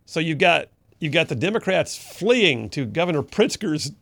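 Man, radio talk host, gravelly voice, dry studio sound, folksy sarcastic delivery. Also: a little high, very animated, normal speed, a bit bright, no echo. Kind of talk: conservative political talk radio.

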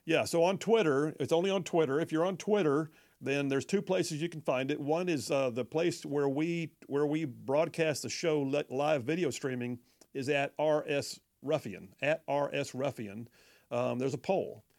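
Folksy talk radio host. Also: male voice, a little high, moderate pace, darkish tone. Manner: folksy, chatty, stumbles over words. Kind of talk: talk radio reading listener texts.

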